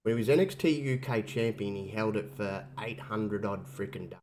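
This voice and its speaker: A man's voice: on the low side, normal speed, darkish tone. A man hosting a casual wrestling chat while sick with covid, coughing now and then and rambling through restarts. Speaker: podcast host.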